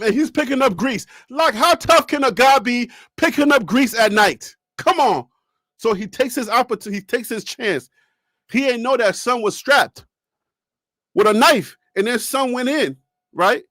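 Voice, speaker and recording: Very high-voiced man rambling on sports. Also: expressive, measured pace, sharp tone, no room sound, studio quality. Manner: rambling, joking, asks the audience rhetorical questions. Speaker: sports talk show host. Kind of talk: casual sports talk commentary.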